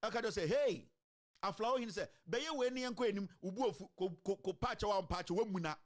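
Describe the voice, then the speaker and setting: A man with a Ghanaian accent giving animated political commentary, mixing a local language with English and firing off rhetorical questions. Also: sits high, fast talker. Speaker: online commentator.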